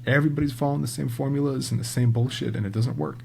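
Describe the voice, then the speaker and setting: A man guest on a podcast, telling a casual, animated story and swearing freely. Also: mid-range voice, rapid-fire, gravelly, slight background noise. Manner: animated, swears freely, acts out quoted people.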